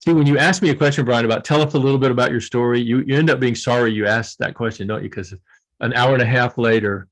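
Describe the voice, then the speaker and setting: An older man talking with heartfelt, storytelling earnestness, his voice sitting at an everyday middle pitch. He laughs often and sounds close to tears at times as he reflects on his life. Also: steady tone, quick pace. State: tearful. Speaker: guest author. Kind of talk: emotional reflective interview talk.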